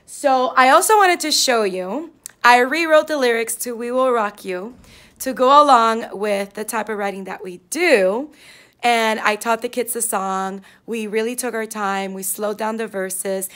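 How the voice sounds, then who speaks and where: Woman, teacher, casual vlog, raspy voice, upbeat explaining, slightly high. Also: fairly bright tone. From South Florida. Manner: upbeat, explanatory, walking through classroom materials. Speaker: fourth grade teacher.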